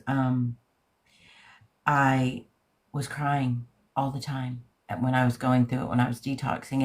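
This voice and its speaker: Older woman, podcast guest; open, emotional, rambling talk. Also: low voice. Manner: emotional, candid, rambling with restarts. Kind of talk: casual chat.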